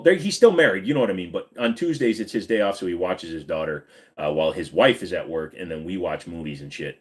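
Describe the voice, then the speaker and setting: A man hosting a casual livestream, answering viewer questions in a rambling, laid-back way and swearing casually. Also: low-pitched. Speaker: livestream host.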